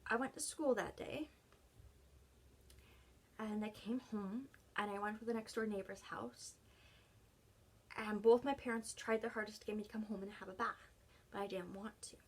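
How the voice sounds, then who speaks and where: A woman vlogger telling her own story unscripted, halting and emotional, often dropping to a soft breathy voice between pauses. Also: medium pitch, fairly even intonation.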